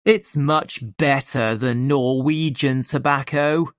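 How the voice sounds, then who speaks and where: A storybook reader voicing a young male doctor who smokes a pipe, shouting high in alarm. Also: steady tone, takes it slowly, lightly acted. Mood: contented.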